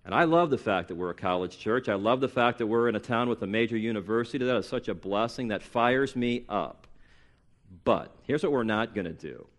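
A man's voice: expressive, brisk. A man in his late forties preaching a sermon as pastor, emphatic, with sarcastic mimicked excuses and rising force on key points. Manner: emphatic, rises in pitch and volume for punchy lines.

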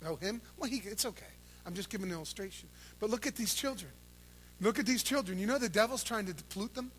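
High, bright-voiced preaching man. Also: slight background noise. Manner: swings between shouted calls to the crowd and quiet intense talk. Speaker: pastor. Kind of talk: sermon. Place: church service.

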